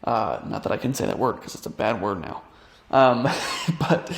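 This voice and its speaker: A man's voice: fairly low pitch, sing-song, moderate pace, gravelly, reverberant. A young man coaching online business, talking through a casual screen-share tutorial in a rambling way, with many fillers and restarts.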